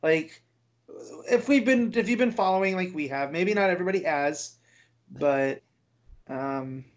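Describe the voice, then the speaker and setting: A man with a slightly raised pitch giving his opinions in relaxed podcast banter. He sounds wry and sure of his views, and he stumbles and restarts as he talks. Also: a little slow, lo-fi sound. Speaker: podcast co-host. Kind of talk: casual comic book chat.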